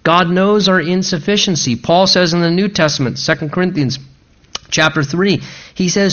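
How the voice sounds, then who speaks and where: A man's voice: high voice, moderate pace, a bit bright, dull audio. A male pastor preaching a sermon in an earnest, emphatic way, repeating rhetorical questions to drive his points home.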